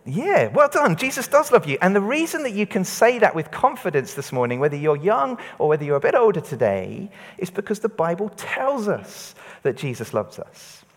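High lively guy preaching to kids and grownups, call and response, long church reverb. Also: moderate pace, hardly any pauses. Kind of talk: all-age church talk to children and adults. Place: church hall.

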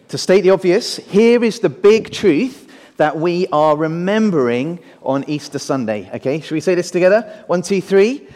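A man preaching a family Easter sermon in church, lively and speaking to children and adults alike. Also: sits high, a little fast. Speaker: pastor. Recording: church hall reverb.

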